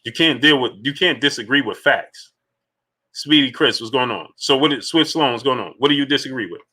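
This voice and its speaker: Hosting a live boxing stream, a man with a mid-range, pushed, bright voice talks briskly, calling out viewers in the chat by name and throwing out rhetorical questions.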